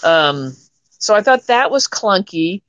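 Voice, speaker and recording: A woman's voice: mid-range voice, sing-song, slow pace, fairly bright tone, no echo, lo-fi sound. A woman co-hosting a podcast, chatting casually and rambling with fillers and teasing asides. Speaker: podcast co-host. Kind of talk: casual chat about a soap opera.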